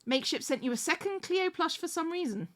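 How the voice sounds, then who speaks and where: A woman's voice: very high-pitched, expressive, a little fast. A woman hosting a live stream, chatting casually while she sews crafts and thanks viewers, often restarting her sentences. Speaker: livestream host.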